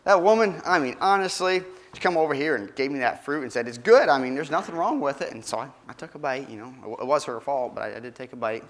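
A man's voice: mid-range voice, animated, quick pace, few pauses, natural voice. A man voicing a defensive adult man who blames his wife, complaining in exaggerated tones.

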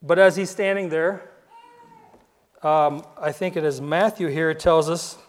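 A man's voice: fairly high pitch, fairly even intonation, a little slow. A man preaching a sermon, retelling scripture conversationally, stumbling over repeated words and dropping his voice at dramatic moments.

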